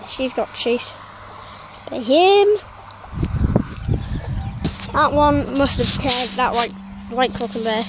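A woman's voice: high-pitched, lively intonation, slow, long pauses. A woman chatting casually for a vlog, rambling and correcting herself as she goes, outdoors on a farm among chickens. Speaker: vlogger. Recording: loud outdoor noise, animal sounds. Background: loud outdoor noise and animal sounds.

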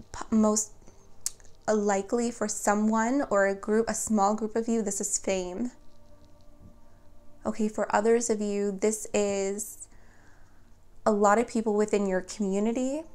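Woman tarot reader, slow unhurried delivery, chatty and earnest, cards shuffling behind. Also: medium pitch, darkish tone. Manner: chatty and earnest, addressing viewers directly. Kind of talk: spoken tarot reading to viewers.

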